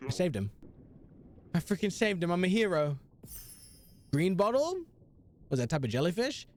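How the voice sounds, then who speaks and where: A man's voice: on the high side, animated, moderate pace, pauses often, darkish tone, a little hiss or hum. A young man live-streaming a video game, chatting casually and answering his chat with slang.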